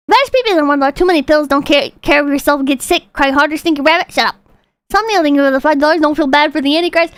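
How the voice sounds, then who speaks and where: A woman livestreamer commenting casually on videos, with profane, excitable outbursts between calm readings of donations. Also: high voice, fast talker, a little hiss or hum.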